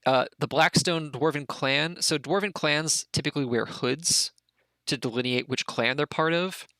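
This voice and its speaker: A man's voice: fairly high pitch, normal speed, sharp tone, no room sound. A man narrating as game master of a tabletop game, rambling with many restarts and fillers.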